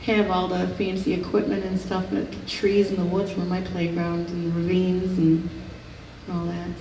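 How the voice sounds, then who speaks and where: A woman's voice: fairly low pitch, completely flat delivery, moderate pace, warm tone, slight background noise. A middle-aged woman, a psychic medium, giving a casual, rambling talk at an expo, full of fillers and restarts. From rural upstate New York. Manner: chatty, many fillers and restarts. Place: expo hall. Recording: roomy hall, recorded from a distance.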